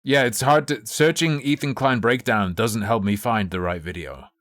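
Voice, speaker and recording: A man's voice: mid-range voice, normal speed, a bit bright, no room sound, studio quality. A man streaming live, chatting casually and thinking aloud in a rambling, profane way. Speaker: livestreamer.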